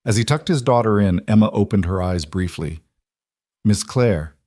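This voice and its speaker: Male narrator, low and steady, dry studio sound. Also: brisk, dry recording. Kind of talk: scripted story narration.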